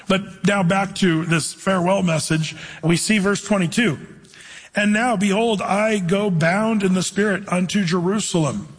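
Casting: man, high and husky voice, casual preacher telling stories. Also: in a large hall, low-quality recording. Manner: conversational, storytelling, reads scripture slowly. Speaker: pastor. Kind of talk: sermon with Bible reading.

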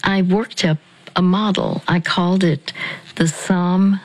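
A woman speaking on a radio ministry show, talking slowly and deliberately, repeating phrases for emphasis. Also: fairly low pitch, steady tone, low-quality recording. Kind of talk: radio talk with a caller.

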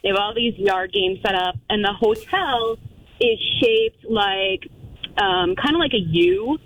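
A woman's voice: mid-range voice, a little slow, low-quality recording. A woman calling into a radio show, animatedly telling a personal story and acting out what she and others said. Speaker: caller.

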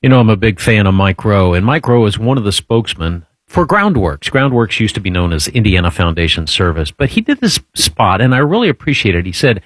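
A man on a radio show tells an ad like a story, in a casual, chatty way. His pitch swings widely as he talks. The sound is dry and close to the mic. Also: sing-song, brisk, hardly any pauses, fairly bright tone, no echo, low-quality recording. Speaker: radio co-host. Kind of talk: casual radio chat and live-read ad.

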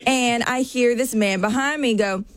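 A woman's voice: on the high side, a little slow. Young woman telling a story on radio. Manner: animated storytelling, acting out quotes. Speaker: radio show co-host. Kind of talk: casual morning-show chat.

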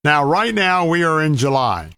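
A man's voice: on the high side, big pitch swings, moderate pace, sharp tone, no room sound. Folksy man with a dry close sound. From Florida. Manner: folksy, emphatic warnings with repeated words. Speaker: outdoor storyteller giving wildlife safety advice. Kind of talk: casual storytelling monologue.

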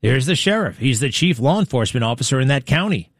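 A man's voice: mid-range voice, expressive, quick pace, no echo. A man hosting a talk radio show, delivering a blunt, indignant, rambling monologue into a studio mic.

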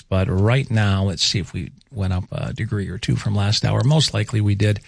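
A man's voice: fairly low pitch, normal speed, creaky, hardly any pauses, husky, dry recording. A man, a folksy radio host chatting and reading the weather in a studio. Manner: folksy, uses regional sayings, lively intonation. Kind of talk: casual on-air chat and weather read.

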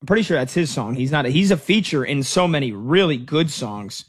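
A man in his thirties hosting sports talk radio in a slightly high voice. He rambles casually through anecdotes, restarting his sentences as he goes, on a studio mic. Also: lively intonation, brisk, slightly rough. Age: 30s. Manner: rambling, storytelling with many restarts.

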